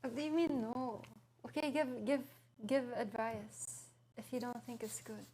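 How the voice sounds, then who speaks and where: A woman's voice: on the high side, unhurried, darkish tone, breathy edge. A woman streaming live from her home kitchen, chatting playfully while cooking and answering her chat aloud.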